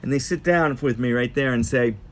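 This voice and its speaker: A man casually telling a travel story as host, in an animated, rambling present-tense way. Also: mid-range voice, brisk.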